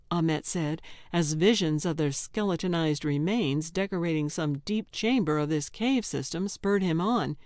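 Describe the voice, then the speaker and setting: A woman narrating an audiobook in a measured, deliberate storytelling manner. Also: deep voice, darkish tone, dry recording, clean studio sound.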